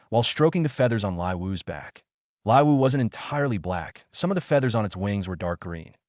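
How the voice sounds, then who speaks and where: A man with a lowish voice reads a storybook-style fantasy tale in a steady, even way. The recording is dry and close, with no room sound at all. He lifts his pitch a little when the characters speak. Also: no echo. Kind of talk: scripted storybook narration.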